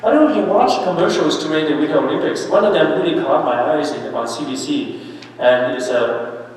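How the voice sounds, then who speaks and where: A fairly high-voiced man preaching in a church, his words ringing back through a long hall reverb. He stands at a distance from the mic. He talks with his listeners more than at them, keeps tagging "right?" and "okay?", and jumps up in pitch and force on the points he wants to land. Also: fairly quick, slight background noise. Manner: lively and emphatic, with sudden rises on key points. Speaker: priest giving a parish mission. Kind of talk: conversational sermon.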